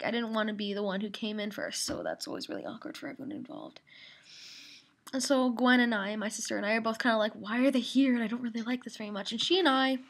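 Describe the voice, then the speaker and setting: A woman's voice: a little high, gravelly. A teenage girl rambling through a casual video journal from her mother's office, venting with lots of ums and likes. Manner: rambling and venting, full of fillers. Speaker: video diarist.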